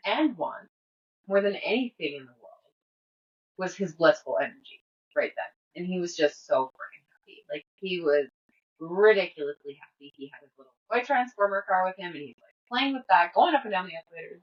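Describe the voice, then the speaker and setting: Speaking at a fairly low pitch over a muffled recording, this thirty-something female podcast host chats her way through her day. It's a loose personal diary monologue, rambling and packed with fillers and laughter.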